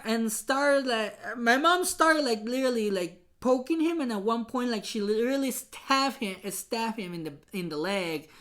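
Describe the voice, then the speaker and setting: A woman from Mexico hosts a podcast and tells a painful story from her own life. Her voice sits a little high. She talks haltingly, restarting sentences and leaning on many fillers. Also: fairly bright tone. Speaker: podcast host. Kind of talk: personal storytelling.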